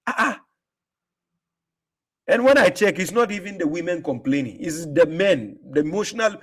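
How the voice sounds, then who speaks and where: A man's voice: high voice, expressive, normal speed, slightly rough. A man hosting a livestream, combative and mocking, repeating himself for emphasis. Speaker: livestream host answering comments. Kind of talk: casual livestream talk.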